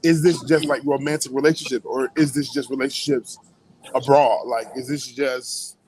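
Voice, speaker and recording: A man hosting a casual morning radio show, telling stories in an animated way with frequent laughs. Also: medium pitch, moderate pace, a little hiss or hum, rough recording. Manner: animated storytelling, laughs and whoops often.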